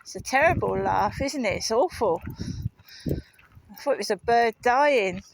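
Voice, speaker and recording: A woman's voice: on the high side, lively intonation, unhurried, vocal fry, background noise. A woman walking her dog outdoors, rambling and muttering asides with some swearing into a handheld camera. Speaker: vlogger. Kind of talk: casual walking vlog commentary. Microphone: handheld camera while walking.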